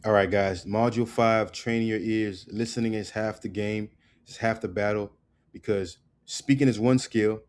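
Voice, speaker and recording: A man teaching a casual online language lesson. He drills words slowly and keeps checking in with "right?" and "okay?". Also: lowish voice, fairly even intonation, darkish tone.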